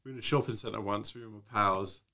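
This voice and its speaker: A man's voice: on the low side, fast talker, gravelly, bright, forceful tone. A man chatting on a podcast, rambling through a story with lots of restarts and swearing. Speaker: podcast co-host. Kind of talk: casual chat.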